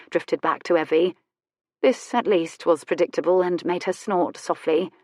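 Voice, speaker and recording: Expressive woman audiobook narrator. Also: fairly low pitch, no echo, studio quality. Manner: expressive, measured storytelling. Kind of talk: scripted narration.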